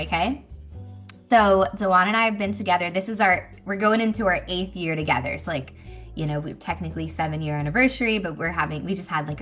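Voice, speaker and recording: A woman in her thirties telling a story to a group in a chatty, animated way, acting out what people said. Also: lowish voice. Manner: animated, chatty, acts out quotes. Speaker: speaker at a women's business meeting. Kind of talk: casual storytelling talk to a group.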